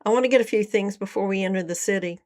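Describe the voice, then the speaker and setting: A woman's voice: mid-range voice, rapid-fire, close to an everyday voice. A woman reading a wary, guarded man. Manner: quiet, guarded warnings. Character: wary middle-aged man, a traveler.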